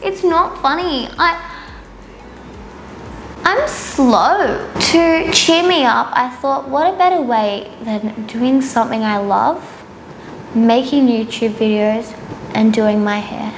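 A tired young woman with a slightly high voice talks slowly through a hair tutorial in a roomy salon, music playing underneath. A beauty vlogger, she's chatty, giggly, and rambling, poking fun at herself.

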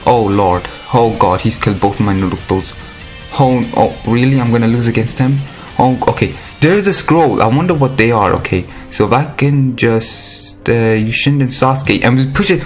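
A man commentating his mobile game live, talking straight to his viewers and begging for lucky pulls. His voice swings wildly, dropping low when he explains things, then shooting up into squeals when something surprises him. Faint game music plays behind him. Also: moderate pace. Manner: excitable, jumps into high squealing outbursts; pleading and chatty toward viewers.

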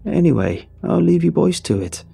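A man's voice: big pitch swings, moderate pace, vocal fry, dark tone, husky, faint music behind, full character voice. A man putting on a squawking shrewd old woman. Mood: shrill, rambling. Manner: shrill, snappish.

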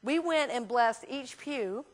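A woman minister teaching a class in a church, talking casually and telling lively anecdotes with frequent restarts. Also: a little high, slow pace. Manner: chatty, animated storyteller with frequent restarts.

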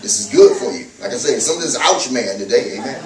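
A man preaching a sermon as pastor, reading scripture and riffing on it, often saying "amen" and "glory to God", getting loud and laughing as he acts out scenes. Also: medium pitch, sing-song, quick pace. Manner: reads scripture then riffs on it, repeating "amen" and "glory to God"; loud, laughing, sing-song delivery when acting out the disciples. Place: church. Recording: echoey room, mic from a distance.

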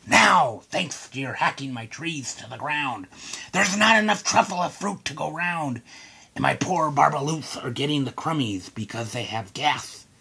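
A man reading a storybook aloud, voicing the Lorax, a small stern creature who guards the trees, with a slow, scolding delivery. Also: on the high side, lively intonation, vocal fry, pushed and bright, breathy edge, heavily acted. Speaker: reader of a children's book.

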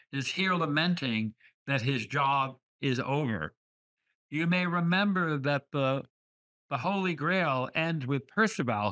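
A man lecturing on poetry over a video call. He talks at an unhurried, measured pace, leaning on words as he reads lines aloud. His tone is bright and forceful. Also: fairly high pitch. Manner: deliberate, reads verse aloud with careful emphasis. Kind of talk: online literature lecture.

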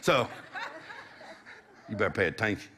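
A man's voice: lowish voice, lively intonation, normal speed, bright, forceful tone, slight background noise. A middle-aged man preaching a sermon, exhorting the congregation with call-and-response and a repeated "come on".

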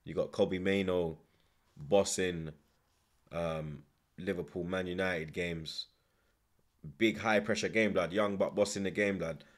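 A young man with a deep, steady voice speaks unhurriedly, pausing often, as he live-streams a football watchalong. His match commentary and chat are animated, packed with slang and repeated tag words.

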